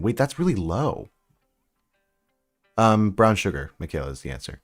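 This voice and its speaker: A man's voice: fairly low pitch, very animated, moderate pace, pauses often, soft background music. Chatty man on a casual live stream. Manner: chatty, rambling, answers chat while building. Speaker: livestream host building sets.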